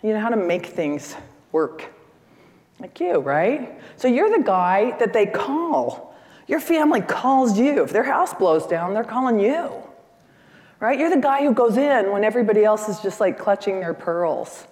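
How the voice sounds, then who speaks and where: A woman in her sixties giving a lively, chatty seminar talk and questioning the audience from the stage. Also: medium pitch, unhurried. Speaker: seminar speaker. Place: conference hall stage. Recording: echoey hall.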